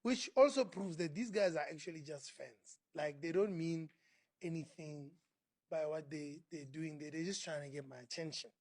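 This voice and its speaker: A South African man, a podcast guest, telling an animated story and acting out other people's lines. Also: fairly high pitch, moderate pace, no echo. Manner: acts out other people's voices, laughing while telling. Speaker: interview guest.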